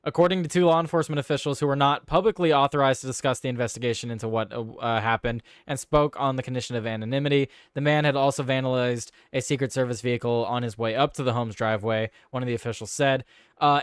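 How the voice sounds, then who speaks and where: Guy hosting a political livestream, reads the news out loud, lots of uhs, smooth clear voice, dry sound. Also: mid-range voice, no room sound. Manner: reads news stories aloud with frequent fillers and restarts, swears casually. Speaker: host of a political live show. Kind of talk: casual live-stream chat and news reading.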